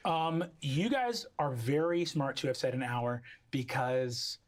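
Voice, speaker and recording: A man narrating a tabletop game as game master, casual and halting. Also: medium pitch.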